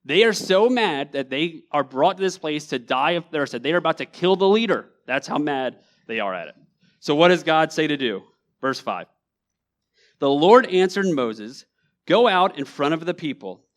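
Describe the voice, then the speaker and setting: A man's voice: a little high, animated, normal speed. A young man preaching a conversational sermon in a church, acting out the people he quotes. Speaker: pastor. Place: church sanctuary.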